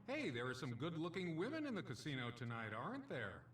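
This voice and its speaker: A man's voice: a little high, huge pitch swings, a little fast, a bit bright, echoey room, far from the mic, faint music behind. An actor playing a cheesy male casino stand-up comedian, delivering punchy jokes and doing comic voices. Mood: brash.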